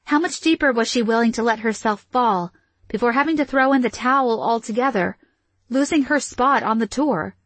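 Female audiobook narrator, measured and even, slightly high, dry booth sound. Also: dry recording. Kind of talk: scripted fiction narration.

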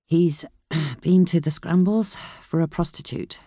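A reader voicing a woman investigator, quiet and strained, in a storybook narration. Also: mid-range voice, a little slow, dry recording, studio quality, lightly acted. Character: woman investigator, shaken and weary.

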